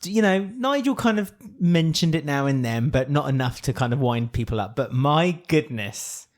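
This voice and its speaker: A man's voice: medium pitch, expressive, normal speed. A man co-hosting a podcast, chatting animatedly, laughing often and acting out quotes. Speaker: podcast co-host. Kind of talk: casual chat.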